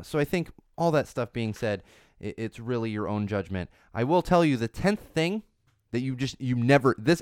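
This parenting podcast host, a man in his thirties, talks solo in a relaxed way with a medium-pitched, clean voice. The studio recording is clean with no room sound, and his delivery is emphatic and repetitive, with lots of fillers and false starts.

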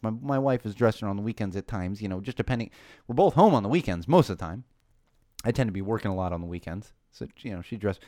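Animated man on a dry mic. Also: on the low side, quick pace, no echo. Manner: animated storytelling, rising to passionate emphasis. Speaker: podcast host. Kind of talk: casual chat.

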